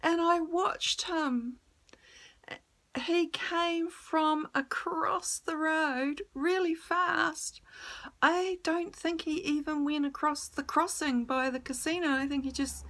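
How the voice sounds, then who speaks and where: A woman's voice: sits high, takes it slowly, bright, forceful tone. A woman telling a personal story on camera, emotional and blunt, swearing freely.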